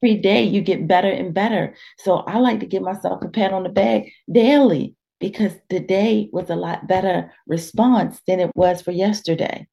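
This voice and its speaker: A woman life coach speaking as a guest in a conversational interview, animated and preacherly, often acting out inner dialogue. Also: medium pitch, moderate pace, gravelly, hardly any pauses.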